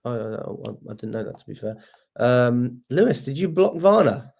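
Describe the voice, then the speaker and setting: A man's voice: medium pitch, sing-song, moderate pace, vocal fry, a little mellow. A young man, hosting a casual fan livestream, chatty and swearing freely. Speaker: fan channel host.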